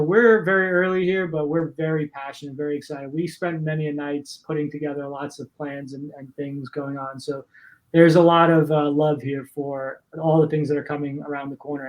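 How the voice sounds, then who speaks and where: Guy cohosting a podcast, slightly high voice, pretty monotone, eager and rambly. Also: fairly quick, low-quality recording. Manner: earnest, enthusiastic, rambling. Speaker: podcast co-host. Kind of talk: casual chat.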